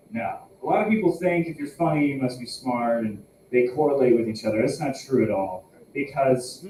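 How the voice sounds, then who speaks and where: A man's voice: mid-range voice, moderate pace, mellow, recorded from a distance, a little hiss or hum. A young man doing stand-up at an open mic, self-mocking and laughing at his own jokes. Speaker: stand-up comedian. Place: small tobacconist shop. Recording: echoey room, heard from afar.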